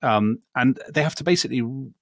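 An English man co-hosting a casual history podcast, exclaiming and quick to joke. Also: medium pitch, no echo, clean studio sound. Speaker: podcast co-host.

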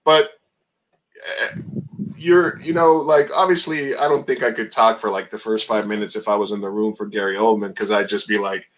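A man's voice: lowish voice, fairly even intonation, normal speed, a bit bright, rough recording. A man hosting a casual podcast interview, asking long rambling questions full of fillers. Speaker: podcast host.

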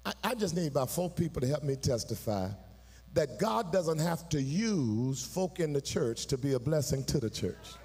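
A man preaching a sermon in a church. His delivery swings from low, confiding talk up to sung, shouted peaks, and he calls on the congregation to answer. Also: animated, moderate pace, slightly rough. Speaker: pastor. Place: church sanctuary. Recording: live in a church hall, long reverb.

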